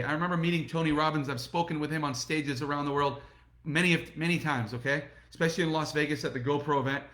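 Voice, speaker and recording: A middle-aged man giving an energetic motivational talk to camera and speaking straight to his viewers. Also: on the high side, quick pace, roomy sound. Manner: energetic, repetitive, addresses viewers directly. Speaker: network marketing motivational speaker.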